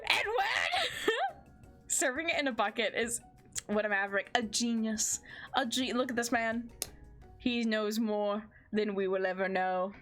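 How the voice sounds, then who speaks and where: Young woman streamer, giggly, reads the game's narration over soft music. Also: medium pitch. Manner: giggly, excitable, joking. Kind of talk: game playthrough with narration and commentary.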